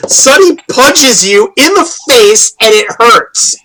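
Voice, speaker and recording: A game master narrating a tabletop game, loose and animated, laughing often. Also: mid-range voice, slow, slight background noise, rough recording.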